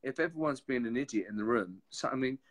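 A man's voice: medium pitch, animated, quick pace. Earnest man in casual chat. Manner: earnest, rambling. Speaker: co-host.

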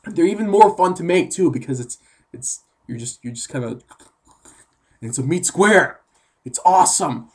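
A woman giving an excitable comedic monologue, her pitch leaping up to shrieks and dropping to mutters. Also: normal speed, heavy background noise. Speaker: comedic vlogger.

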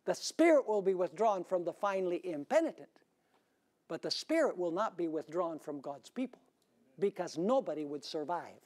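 A male pastor delivers an animated sermon at a moderate pace, posing rhetorical questions. He swings abruptly between loud, high-pitched emphasis and quiet low moments.

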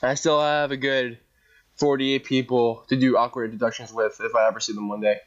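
Excitable rambling man, dull lo-fi audio. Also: mid-range voice, brisk. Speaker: podcast co-host. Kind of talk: casual chat.

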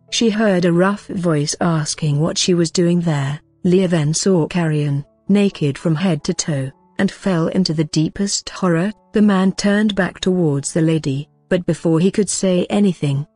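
A woman reading a romance manga recap as scripted narration, reporting every line of dialogue in an even storytelling voice. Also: lowish voice, husky, dry recording. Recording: dry voice-over with faint music.

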